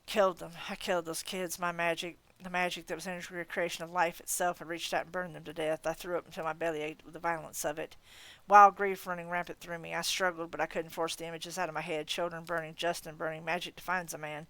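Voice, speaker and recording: Low-voiced woman reading a novel aloud. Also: quick pace, few pauses, no echo. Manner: expressive reading, breaking off to laugh and comment. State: voice getting tired. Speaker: audiobook reader.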